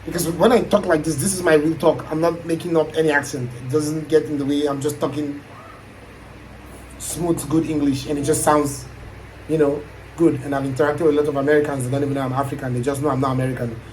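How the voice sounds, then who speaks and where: A man's voice: fairly high pitch, little pitch movement, quick pace, darkish tone, a little hiss or hum, rough recording. A Nigerian-accented man thinking aloud in a casual, reflective chat, trailing off into asides as he muses. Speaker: aspiring YouTuber.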